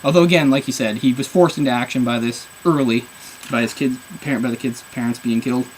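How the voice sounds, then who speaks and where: A man's voice: mid-range voice, steady tone, quick pace, slight background noise, rough recording. Rambling, exasperated man reviewing comics. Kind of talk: casual video review.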